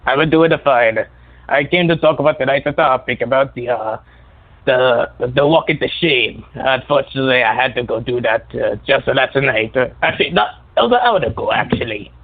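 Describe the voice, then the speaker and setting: A man's voice: mid-range voice, moderate pace. A man calling into a talk show, telling a story with many hesitations. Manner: hesitant, filler-heavy storytelling. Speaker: caller. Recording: tinny phone-line audio.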